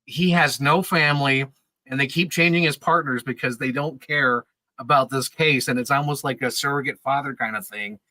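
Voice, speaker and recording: Man in his thirties, bright and forceful voice, dry close sound, casual rambling storytelling with laughs and swearing. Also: mid-range voice, moderate pace, no echo, rough recording. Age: 30s. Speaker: podcast regular.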